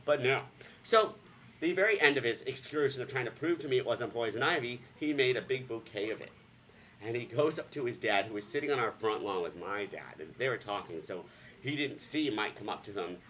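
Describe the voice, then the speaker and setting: A man from Vermont telling a story on his vlog, joking and sarcastic, sometimes breaking into squealing high voices. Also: lively intonation, a little fast, pushed and bright, slight background noise. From Vermont, USA. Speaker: vlogger. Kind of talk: casual comic storytelling.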